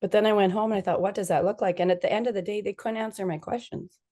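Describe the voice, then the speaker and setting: A woman's voice: medium pitch, steady tone, fast talker, dark tone. A woman physician talking as a podcast guest, animatedly acting out the dialogue she quotes. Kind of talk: conversational podcast interview.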